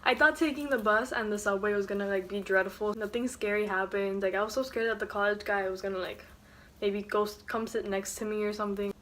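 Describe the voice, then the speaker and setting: A young woman vlogs from her dorm room at night, casually recounting a story time tale in a brisk, medium-pitched voice. She's chatty and animated, leaning heavily on "like" and other fillers, with slight background noise in the recording.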